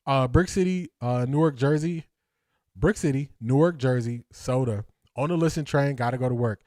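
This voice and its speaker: This host from Ohio, running a casual sports talk livestream, speaks at normal speed in a mid-range, slightly mellow voice. He reads chat, cracks jokes, laughs often and repeats lines for effect, in a dry recording with clean studio sound.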